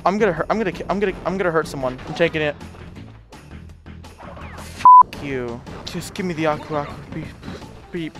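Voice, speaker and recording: A man's voice: on the high side, a little fast, pauses often. Cursing man playing a video game. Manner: frustrated, swears often, mutters to himself. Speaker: let's play gamer. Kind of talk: casual gameplay commentary. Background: game music.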